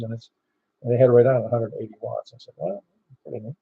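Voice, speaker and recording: A man runs a ham radio net, chatting easily and ramblingly with lots of fillers. His mid-range voice is fast, fairly even in intonation, with vocal fry and a breathy edge, heard through a radio transceiver mic as dull, dry, lo-fi audio.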